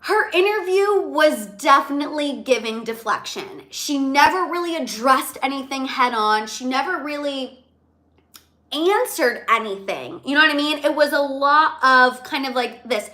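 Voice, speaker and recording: Young female livestream host, high-pitched and chatty, repeats herself a lot while dishing celebrity gossip. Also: a little slow. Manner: chatty, animated, repeats phrases.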